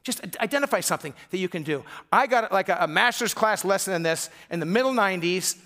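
A middle-aged man from Michigan delivers a sermon as pastor, his voice sitting noticeably high. He talks in a loose, conversational way and acts out the quoted voices of husbands, wives and friends in his stories. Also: lively intonation, fast talker, bright, forceful tone.

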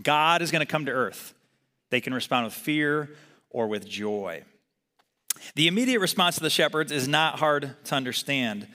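A man's voice: fairly high pitch, expressive, moderate pace, bright, forceful tone. A man preaching a sermon in a conversational way, asking the congregation to repeat words after him. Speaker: pastor. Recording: long hall reverb.

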